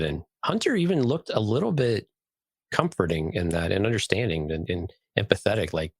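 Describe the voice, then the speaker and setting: A man's voice: deep voice, animated, fast talker, dry recording. A man co-hosting a podcast, chatting in a jokey, enthusiastic way. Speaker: podcast co-host. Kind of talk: casual chat.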